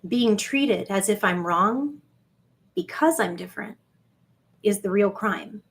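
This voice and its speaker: A woman, rambling on a livestream, swinging between gushing greetings to viewers and low confiding asides. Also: animated, slow pace. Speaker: livestream vlogger.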